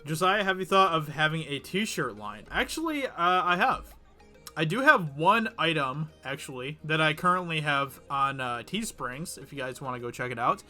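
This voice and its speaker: A man's voice: on the high side, big pitch swings, normal speed, pushed and bright, soft background music. A man hosting a casual livestream, chatty and giggly as he responds to viewers. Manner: chatty, giggly, reads chat aloud. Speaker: livestream host.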